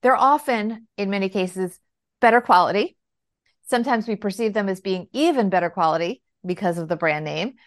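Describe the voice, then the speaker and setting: A woman guest on a podcast, a financial planner telling parenting stories in a conversational, animated way and acting out the dialogue. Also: medium pitch, moderate pace. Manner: animated, acts out quoted dialogue. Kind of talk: conversational storytelling. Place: lives in New York City.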